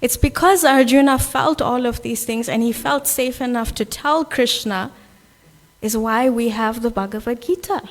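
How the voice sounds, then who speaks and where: A woman's voice: fairly high pitch, moderate pace. A South African woman giving an earnest, conversational sermon at a Sunday temple gathering, often checking in with "right?". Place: temple hall. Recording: long hall reverb.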